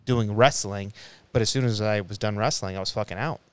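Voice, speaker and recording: A young man with a low, smooth, resonant voice tells a story in a loose, profane way. He rambles and restarts often as he talks at a podcast round table. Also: a little fast, no echo. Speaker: podcast co-host. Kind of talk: casual round table chat.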